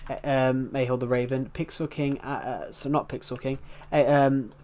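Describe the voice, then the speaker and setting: A man's voice: mid-range voice, level tone, moderate pace, a little mellow, smooth. A man chatting casually on a live stream, greeting viewers and rambling as he reacts to the chat in front of a desktop mic.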